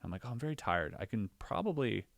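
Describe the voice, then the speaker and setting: A man in a casual podcast conversation, telling a personal story in an animated way, acting out his own reactions with lots of filler words. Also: on the low side, fast, gravelly, no echo. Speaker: podcast guest or co-host.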